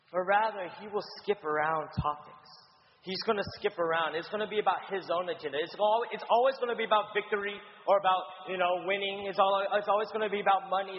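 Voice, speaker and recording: Man preaching, high voice, stop-start delivery, long hall reverb, muffled sound. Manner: halting, many stammered restarts and "right?" tags. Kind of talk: conversational sermon teaching. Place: church in Houston.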